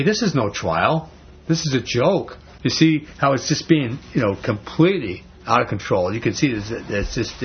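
Male Bible study leader, casual and rambling delivery, low register, dull lo-fi recording. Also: creaky. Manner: conversational, rambling, frequent "you know" and "okay?". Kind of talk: informal Bible teaching. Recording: dull lo-fi recording with faint noise.

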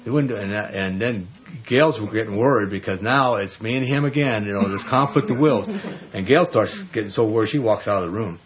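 A man preaching a sermon, telling family stories in an animated way, acting out quoted voices and often restarting his words. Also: fairly low pitch, a little fast. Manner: animated storytelling, acts out quoted voices, frequent stammered restarts. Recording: dull lo-fi recording.

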